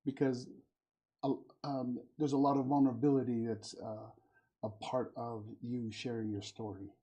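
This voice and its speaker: A middle-aged man hosting a relaxed conversation, his voice husky with a mellow, dark tone. He tells long personal stories and acts out what the other people in them said. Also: mid-range voice, normal speed. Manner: warm storytelling, acts out quoted voices. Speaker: podcast host. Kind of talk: casual conversation.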